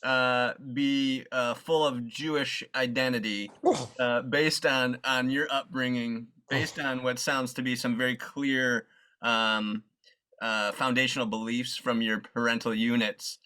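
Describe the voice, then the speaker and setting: A man's voice: mid-range voice, steady tone, a little slow, pushed and bright, clean tone. A man interviewing a guest, asking long, searching questions with hesitant phrasing.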